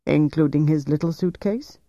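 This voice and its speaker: A smooth, calculating officer questions a prisoner in a gentle, coaxing tone, as a man reading a novel puts him on. The voice is mellow and dark, recorded dry and slightly dull. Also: fairly high pitch, normal speed, no echo, lightly acted. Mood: probing. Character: cool, calculating male officer interrogator.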